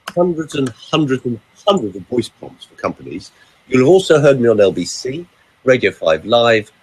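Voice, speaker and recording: A man's voice: mid-range voice, a little hiss or hum, poor audio. An older man, a vocal coach and voiceover actor from the United Kingdom, chatting casually and theatrically through anecdotes. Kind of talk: casual chat.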